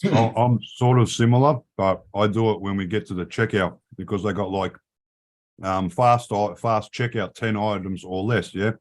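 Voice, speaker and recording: A man's voice: on the low side, fairly even intonation, normal speed. A man in casual chat, ranting mouthily with plenty of swearing. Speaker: live stream host.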